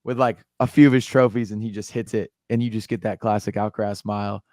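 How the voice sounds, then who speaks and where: A man's voice: fairly low pitch, fairly even intonation, fast, darkish tone, dry recording, clean studio sound. A young American man co-hosting a podcast in casual chat, easygoing and joking, trailing off and restarting often. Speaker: podcast co-host.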